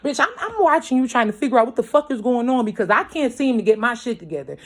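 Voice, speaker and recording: A woman's voice: a little high, lively intonation, fast talker. Blunt, profane woman reading tarot. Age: young adult to middle-aged, a mother. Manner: blunt, profane, emphatic, keeps asking "you feel me"; grows louder as she gets worked up. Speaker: tarot reader. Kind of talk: casual tarot reading to viewers. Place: at home late at night.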